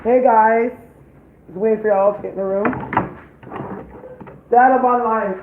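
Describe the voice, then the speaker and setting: Here her voice sits a little high, with fairly even intonation, a slightly slow delivery, and light background noise. She and her parent are chatting in the kitchen for a home vlog, relaxed, profane, and heavy on "like." The sound is tinny and phone-like, with room echo.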